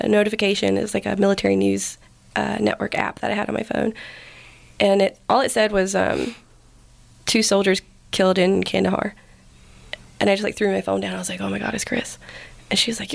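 A woman's voice: medium pitch, gravelly. A woman, a podcast guest, telling a personal story in a casual, filler-heavy way and acting out the lines of the people in it. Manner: casual, filler-heavy, acts out quoted speech.

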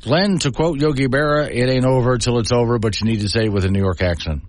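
A man's voice: medium pitch, fast talker, no room sound. A middle-aged man hosting a call-in talk radio show, talking in an emphatic, conversational way with rambling asides. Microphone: studio microphone.

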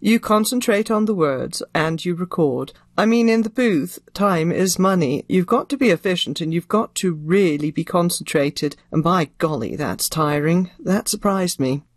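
An older woman, a retired audiobook narrator and actress, answering interview questions with crisp, theatrical phrasing. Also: fairly low pitch, moderate pace, few pauses, dry recording, clean studio sound.

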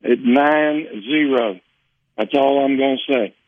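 A man's voice: mid-range voice, measured pace, dry recording. A man from Mississippi on a radio call-in, talking emotionally and with rambling restarts. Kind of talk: casual radio chat. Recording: phone-line call, dry.

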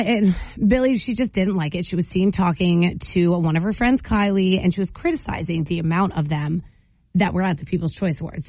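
A woman's voice: mid-range voice, darkish tone, dry recording, rough recording. A woman hosting a morning radio show, telling a story with strong opinions. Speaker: radio host.

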